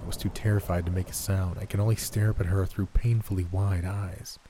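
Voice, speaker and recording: Deep, dark-voiced man narrating horror. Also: flat delivery, a little hiss or hum. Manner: slow, tense, dramatic reading. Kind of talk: scripted narration.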